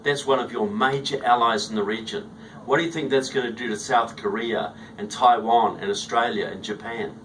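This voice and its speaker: A man's voice: mid-range voice, steady tone, moderate pace, fairly bright tone. New Zealand man, chatty and distant. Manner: chatty, starts answers with "look" and "you know". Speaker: guest author. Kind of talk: radio interview. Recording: distant mic, faint background noise.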